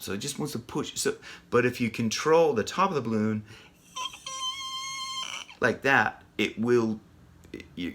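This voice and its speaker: A man teaching a casual singing lesson, chatty and rambling with many ums and restarts, breaking off to sing loud rock lines. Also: fairly low pitch. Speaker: vocal coach.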